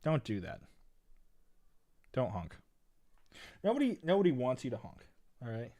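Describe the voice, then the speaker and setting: A young man from Canada, chatting casually as he streams chess, rambling and swinging between low mumbles and loud exasperated bursts. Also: wildly swooping pitch, a little slow, no echo, clean studio sound. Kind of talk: casual live-stream chat.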